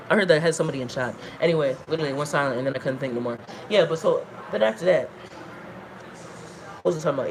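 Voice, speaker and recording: A woman telling long, rambling, profane stories to her livestream chat, talking in an animated way. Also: lowish voice. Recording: noisy background.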